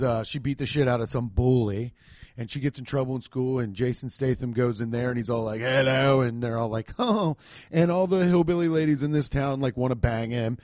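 A man's voice: mid-range voice, mellow, no echo. A man ranting about a movie in a casual, comedic way, sarcastic and profane, sounding exasperated.

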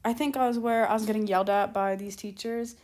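She talks quickly in a medium pitch, her intonation fairly even and her voice a little mellow. It's a casual, rambling storytime vlog, packed with "like" and "keep in mind," and she doubles back when she loses track of where she was.

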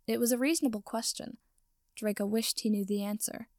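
A woman reading fan fiction aloud in steady, even narration. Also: fairly high pitch, brisk, no echo, clean studio sound. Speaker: reader.

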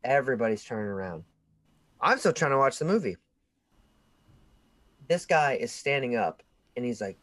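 A young man co-hosts a casual podcast chat, spinning a long story. He talks in an animated way and his voice jumps up high and loud whenever he acts out what others shouted. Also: moderate pace. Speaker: podcast co-host.

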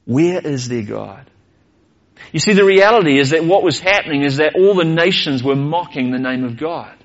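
A man's voice: high voice, highs cut off. A male pastor, preaching a sermon earnestly and posing rhetorical questions.

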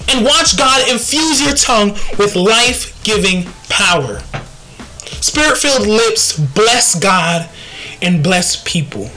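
A woman hosting a faith podcast, speaking earnestly and reflectively, quoting scripture and pausing to think aloud. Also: medium pitch, expressive, sharp tone, soft background music, low-quality recording. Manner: earnest and reflective, quotes scripture, slow deliberate delivery. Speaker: podcast host.

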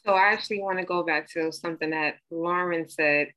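A woman speaking in a casual group discussion with a somewhat low voice. She talks conversationally and explains things in a teaching tone. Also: steady tone, brisk, bright, forceful tone, poor audio. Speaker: discussion participant.

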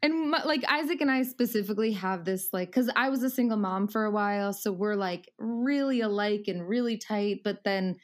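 A woman's voice: mid-range voice, moderate pace, few pauses. A woman in her thirties talking casually as a podcast guest, rambling with many fillers and frequent laughs.

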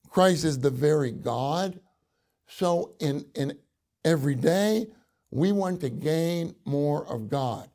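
A male minister delivers a sermon with slow, measured pacing and a gravelly rasp in his voice. His tone is dark and mellow, and his pitch sits a little higher than most men's. He drives his points home by deliberately repeating key phrases. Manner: slow, deliberate preaching with emphatic repetition. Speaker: minister speaking to a congregation.

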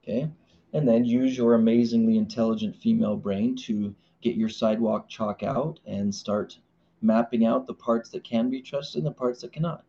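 A man leading a live marriage workshop, animated and playful, acting out the voices he quotes. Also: lowish voice, normal speed, vocal fry, lo-fi sound.

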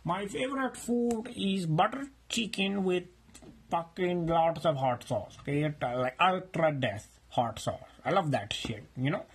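A man's voice: fairly high pitch, animated, a little slow, breathy edge, exaggerated voice. A man voicing a brash, pushy male roommate who speaks in broken grammar and needles constantly, recorded on a phone held in hand. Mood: boastful.

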